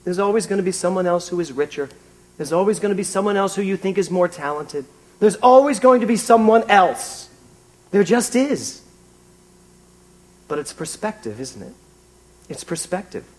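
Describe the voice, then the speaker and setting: A man's voice: high voice, animated, normal speed, pauses often, a little mellow. A British man in his fifties giving a conversational, self-mocking sermon from the pulpit. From Britain. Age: 50s. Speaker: minister. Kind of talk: sermon with personal anecdote.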